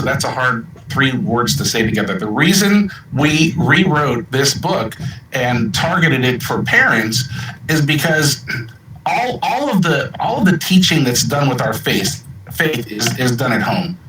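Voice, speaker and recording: A man's voice: medium pitch, very animated, unhurried. Man explaining, stumbling over repeated words. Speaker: author guest. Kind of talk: casual interview chat. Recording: echoey, noisy, distant call audio.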